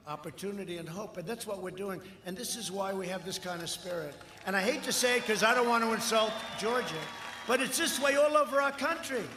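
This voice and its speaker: An older man in his seventies giving a boastful, rambling campaign speech at a large outdoor rally, often shouting. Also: high-pitched, slight background noise. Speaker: political candidate at a rally. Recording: echoey live rally sound with long reverb.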